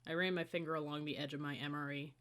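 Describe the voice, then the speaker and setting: A woman narrating an audiobook in a steady, even storytelling manner. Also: low-pitched, fast talker. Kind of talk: scripted narration.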